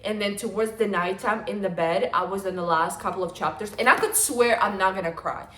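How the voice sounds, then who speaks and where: A woman's voice: medium pitch, fairly quick, a bit bright, a little hiss or hum. A young woman in her twenties talks through her favorite reads in a loose, chatty way, with plenty of fillers along the way. Her voice sits in an ordinary middle register. The sound is roomy and echoey. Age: 20s. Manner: gushing, chatty, with lots of fillers. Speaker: book vlogger. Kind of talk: casual chat. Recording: echoey room.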